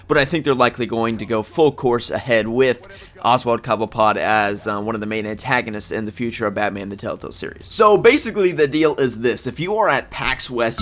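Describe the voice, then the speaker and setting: A young man, a bit groggy since he just woke up, hosts a casual solo video about upcoming game news. His pitch sits in the middle range for a man. He thinks aloud as he speculates and corrects himself along the way. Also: a bit bright. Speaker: gaming news video host.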